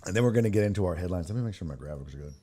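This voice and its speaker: A man's voice: deep voice, animated, racing, dark tone. Rambling, profane man hosting a sports show. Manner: rambling, profane, laughs while telling stories. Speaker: sports podcast host. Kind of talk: casual livestream chat.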